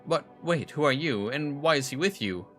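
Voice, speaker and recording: In a game, a man voices a flustered, anxious woman answering a phone call, pitching his voice a bit higher than his natural one. The delivery is lively and moderately paced with a fairly bright tone, over soft background music.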